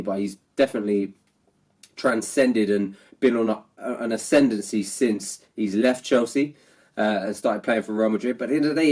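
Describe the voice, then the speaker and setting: This man's voice sits on the low side with a darkish tone, and he sounds nasal because he is ill. As the regular voice of a football fan vlog, he delivers a frustrated, repetitive rant after the match.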